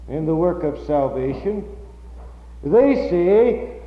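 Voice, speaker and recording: Slow, emphatic preaching man. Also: animated, echoey room, long reverb tail, dull audio. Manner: slow, emphatic preaching that rises to loud, high-pitched peaks. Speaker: pastor. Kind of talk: sermon.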